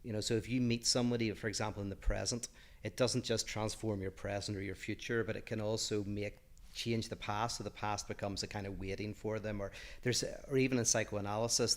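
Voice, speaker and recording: Thoughtful low-voiced podcast man. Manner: thoughtful, reflective, halting. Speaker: podcast co-host. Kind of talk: casual podcast chat.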